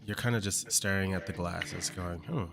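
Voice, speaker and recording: A man's voice: deep voice, fairly even intonation, moderate pace, creaky. A man narrating as game master of a tabletop game, hesitant with many ums and uhs. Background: guitar music.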